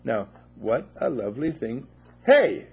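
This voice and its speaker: A man giving an informal spiritual talk to a small group at a monastery, animated and playful, full of rhetorical questions. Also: mid-range voice, moderate pace, gravelly, faint music behind. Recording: dull lo-fi recording.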